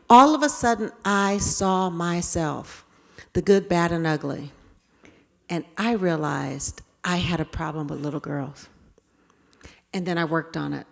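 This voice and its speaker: A woman speaker telling stories to an audience in an animated way, acting out scenes. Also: lowish voice, measured pace, gravelly. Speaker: keynote speaker. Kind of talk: storytelling talk to an audience. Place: event hall. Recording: reverberant hall.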